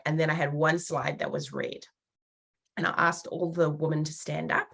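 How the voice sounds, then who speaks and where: A woman co-hosting a podcast in casual chat, telling animated stories and swearing freely. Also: sits low, moderate pace. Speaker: podcast co-host.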